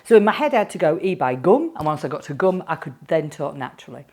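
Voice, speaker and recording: A woman's voice: sits low, lively intonation, rapid-fire. A woman with a Yorkshire accent, a speaking coach talking playfully and directly to camera. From Yorkshire, England.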